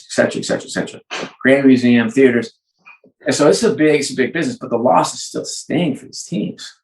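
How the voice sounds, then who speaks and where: A man guesting on a podcast, telling animated stories and acting out both sides of the dialogues. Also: medium pitch, creaky, echoey room, low-quality recording. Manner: energetic storyteller, acts out both sides of dialogues. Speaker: guest, sports and entertainment executive. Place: home.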